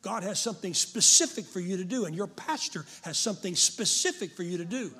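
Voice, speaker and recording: An older man preaching a fervent sermon to a congregation, often rising to shouts. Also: sits high, animated, a little fast. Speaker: pastor.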